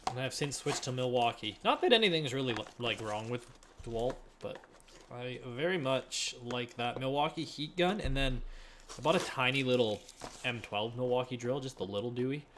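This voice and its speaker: A young man chatting casually on a live stream from his living room while listing items to resell, relaxed and often trailing off quietly. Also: mid-range voice, moderate pace, slight background noise.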